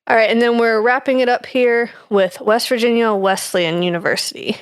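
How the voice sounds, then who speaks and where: A woman's voice: fairly high pitch, fairly even intonation, moderate pace, clean tone, dry recording, studio quality. A young woman co-hosting a podcast, reading through her notes in casual chat with fillers and easy laughs. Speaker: podcast co-host presenting research.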